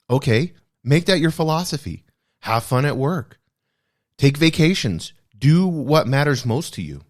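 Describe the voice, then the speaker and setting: A podcast host with a mid-range voice talks about a self-help book at a moderate pace, sounding very animated. He comes across as earnest and reflective, and he repeats key phrases for emphasis.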